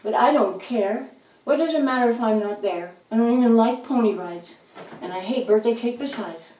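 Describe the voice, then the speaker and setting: A woman's voice: fairly high pitch, normal speed, dark tone, lightly acted. A woman reading as a blunt little chipmunk. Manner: blunt, matter-of-fact. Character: blunt literal-minded young female chipmunk. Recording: roomy, distant, faint noise.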